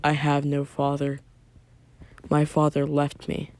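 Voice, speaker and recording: A man's voice: a little high, completely flat delivery, slow pace. Naruto, a man reading a brooding young ninja. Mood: curt. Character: brooding young male ninja, cool and guarded.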